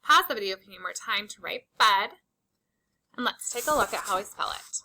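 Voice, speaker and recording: A woman teaching a slow, patient phonics lesson to young children, stretching out and repeating each word for emphasis. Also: mid-range voice, animated, sharp tone, rough recording. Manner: drawn-out, emphatic word repetitions.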